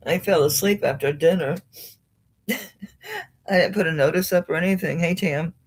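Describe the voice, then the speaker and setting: A woman's voice: fairly low pitch, normal speed, husky. A drowsy, yawning woman selling jewelry on a live stream at home, chatting casually and greeting viewers by name. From United States. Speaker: jewelry livestream seller. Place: home, indoors.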